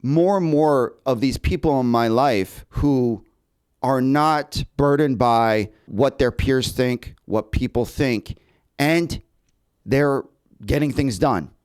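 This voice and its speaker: A man's voice: mid-range voice, slow pace, clear, resonant tone. A man who hosts a podcast for actors, telling stories in casual chat, stammering and repeating words as he goes. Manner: animated storytelling, frequent repeated words.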